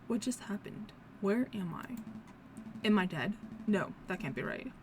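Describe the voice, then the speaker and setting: A woman's voice: mid-range voice, lively intonation, a little slow, noisy background. A woman voicing an anxious male bird lawyer who is easily flustered, reading a game aloud. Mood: distressed. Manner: worried, self-doubting.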